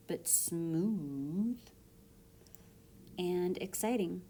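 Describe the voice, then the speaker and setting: A woman teacher giving reading instructions to kids and reading a storybook aloud in an expressive, sing-song way. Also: lowish voice, takes it slowly. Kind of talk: recorded reading lesson with a read-aloud.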